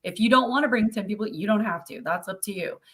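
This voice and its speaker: Woman, casual live-stream guest, chatty, laughs a lot, mid-pitched. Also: quick pace, fairly bright tone. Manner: chatty, laughs often, acts out quoted voices. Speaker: owner of a haunted site, guest.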